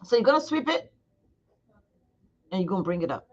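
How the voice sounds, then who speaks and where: An esthetician in a skincare studio speaks a little fast in a sing-song, mid-range voice as she shows a face massage live. Her tone is chatty and coaxing, aimed right at viewers, though the lo-fi recording sounds slightly dull.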